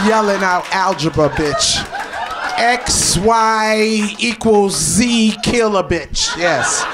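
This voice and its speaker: A woman stand-up comedian doing brash, profane improvised crowd work on a comedy club stage, often shouting. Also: on the low side. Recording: live club recording, crowd laughter and noise.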